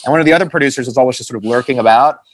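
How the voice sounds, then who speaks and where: A man's voice: mid-range voice, very fast, a crowd in the background. A man, a film producer, telling stories in a casual interview chat, often laughing and swearing. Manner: laughing, profane storyteller.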